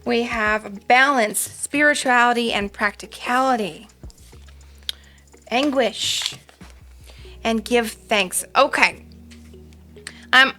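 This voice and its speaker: A woman's voice: fairly high pitch, sharp tone. Chatty woman reading tarot cards. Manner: chatty and rambling, with frequent ums. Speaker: tarot reader. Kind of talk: casual pick-a-card tarot reading.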